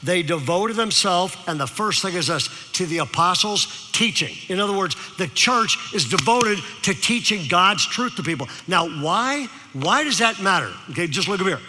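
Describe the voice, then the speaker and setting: A man's voice: high-pitched, animated, moderate pace, hardly any pauses, pushed and bright. A man preaching a sermon as pastor, telling stories and checking in with the congregation by asking "okay?". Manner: storytelling with repeated "okay?" to the audience. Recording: long hall reverb.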